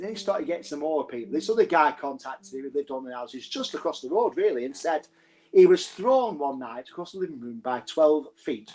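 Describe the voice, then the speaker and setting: A man's voice: high-pitched, a little mellow. A man with a northern English accent hosting a live show, telling local ghost stories in a chatty, joking way with frequent laughs. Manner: chatty, jokey, laughs often. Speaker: host. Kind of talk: live-streamed ghost storytelling.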